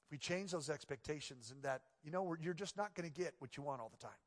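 A pastor preaching in a reverberant hall, his voice sitting a little high for a man. He keeps it chatty and playful, then sinks into hushed, earnest passages. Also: quick pace. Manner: conversational and playful, dropping to quiet earnest tones. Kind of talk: sermon.

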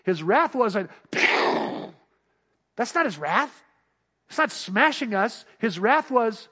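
A man preaching a sermon, switching between loud emphatic cries and hushed, near-whispered passages, and acting out God's voice and the listener's doubts. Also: high-pitched, expressive, slow pace, long pauses. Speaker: pastor.

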